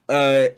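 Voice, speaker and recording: A man co-hosting a podcast, chatting casually and excitably, swearing and laughing often. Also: a little high. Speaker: podcast co-host. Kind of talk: casual chat.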